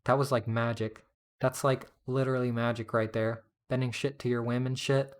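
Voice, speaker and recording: A man's voice: mid-range voice, level tone, normal speed, close to an everyday voice. A man voicing a reckless, joking teenage boy in a story reading, with a loose, drawling delivery. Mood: amused.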